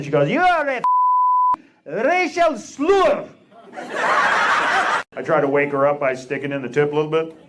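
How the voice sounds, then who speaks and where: A man doing a stand-up comedy set on a club stage, delivering dry one-liners and teasing the audience. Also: medium pitch. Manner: crowd work, teasing the audience. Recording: loud noise over a live stage recording.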